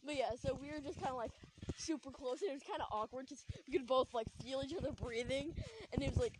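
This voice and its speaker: A woman's voice: high voice, quick pace, background noise. A young woman hosting a podcast, telling a story in a rambling, giggly way with lots of fillers. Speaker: podcast host. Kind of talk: casual storytelling.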